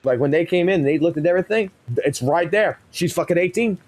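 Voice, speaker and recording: Guy in his 30s streaming, swears nonstop, blunt heated storytelling, voice sits a bit high. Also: fairly quick, darkish tone. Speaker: live streamer.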